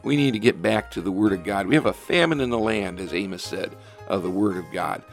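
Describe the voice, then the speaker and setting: A man with a lowish voice speaks fairly quickly over faint background music. A pastor who hosts a radio program, he preaches earnestly and emphatically, with frequent ums and restarts.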